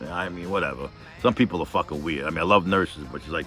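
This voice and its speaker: Deep-voiced man telling a raw story. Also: fast talker, few pauses, pushed and bright, soft background music. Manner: profane, rambling, emotional, full of fillers. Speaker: vlogger telling a personal story. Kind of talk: casual storytelling monologue.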